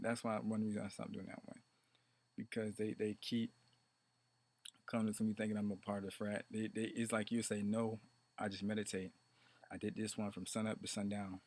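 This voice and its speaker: A man's voice: fairly low pitch, darkish tone, breathy edge. A man talking about meditation in a rambling, repetitive way, now and then chanting mantras. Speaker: meditation teacher. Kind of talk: rambling casual monologue.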